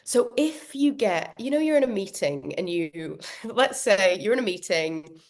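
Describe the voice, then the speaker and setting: A woman leading an online workshop on a video call, animated and quick to laugh, often acting out what goes on in people's heads. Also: mid-range voice. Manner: animated, laughs often, acts out inner voices. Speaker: workshop trainer. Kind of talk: live online workshop talk.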